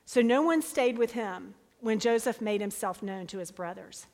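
A woman preaching a sermon, reading scripture aloud with dramatic, expressive delivery. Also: mid-range voice, moderate pace. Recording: long hall reverb.

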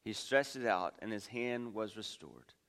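A man of the clergy reading the gospel aloud in a church service, measured and expressive. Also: on the low side. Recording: long reverb of a church hall.

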